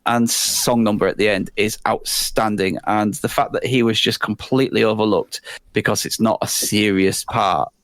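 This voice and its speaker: A man's voice: lowish voice, fairly even intonation, normal speed, fairly bright tone, no room sound. A man on a live podcast stage, praising with emphatic enthusiasm. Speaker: podcast co-host presenting an award.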